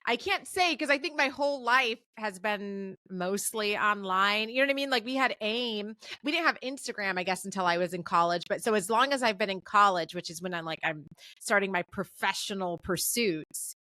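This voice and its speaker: Woman guest in her 30s, crisp bright tone, dry close sound, emphatic encouraging delivery. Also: mid-range voice, moderate pace, dry recording. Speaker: guest, communications professor. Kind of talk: conversational podcast interview.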